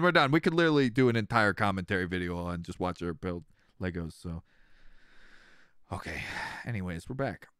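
A man's voice: low-pitched, brisk, clean tone, no room sound, studio quality. A man in his thirties hosting a casual let's-play, joking with viewers and laughing often. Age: 30s. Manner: animated, jokey, laughs often. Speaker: streamer, let's-play host. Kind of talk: casual game commentary, chatting with viewers.

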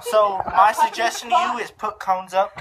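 A man's voice: high-pitched, very animated, normal speed, noisy background. A young man in college, vlogging casually from his dorm room in a laid-back, slangy way, laughing often. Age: young adult. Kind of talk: casual rambling vlog.

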